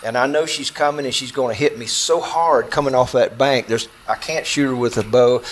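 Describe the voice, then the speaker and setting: A man recounts a close call to a small audience seated around him. His pitch sits squarely in the middle of the range, and his delivery is intense and halting, full of restarts and repeated words. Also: a little hiss or hum. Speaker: bowhunter telling a story. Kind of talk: personal storytelling to a small audience.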